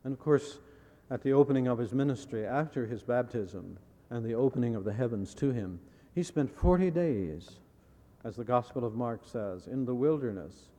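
A man preaching a sermon in a measured way, repeating key phrases and putting rhetorical questions to his listeners. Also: mid-range voice, animated, mellow, long reverb tail. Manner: asks the audience rhetorical questions.

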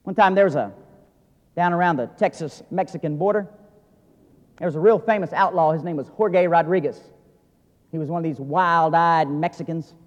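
A man preaching a sermon as pastor, earnest, swinging from loud emphasis to quiet intensity. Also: a little high, normal speed, pauses often, lo-fi sound. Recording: long hall reverb.

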